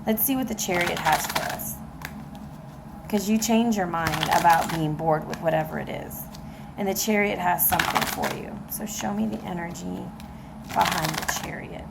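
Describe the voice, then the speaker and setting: A woman's voice: medium pitch, moderate pace, creaky, slight background noise. Chatty woman reading tarot. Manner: chatty, addresses viewers directly, frequent fillers and laughs. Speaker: tarot reader. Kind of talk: casual tarot reading to viewers.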